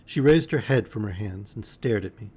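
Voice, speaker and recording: Male streamer, lowish voice, bedtime-story reading, expressive, with wry asides. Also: moderate pace, a little hiss or hum. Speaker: streamer reading a novel aloud.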